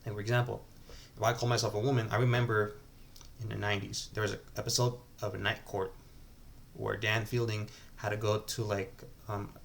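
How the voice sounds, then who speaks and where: A low-voiced man with a gravelly, creaky edge talks straight to his camera at home, rambling and restarting his sentences as he confides. A faint hiss of room noise sits under his voice. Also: fairly bright tone. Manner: rambling, hesitant, many restarts and "like". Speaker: vlogger. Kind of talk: casual confessional monologue to camera.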